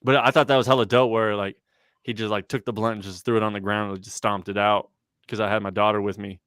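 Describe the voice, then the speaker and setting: A man's voice: fairly low pitch, level tone, quick pace, fairly bright tone, clean tone, no echo, clean studio sound. A young man on a casual livestream chat, telling stories in a laid-back, slangy way full of "like" and swearing. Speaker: rapper and guest.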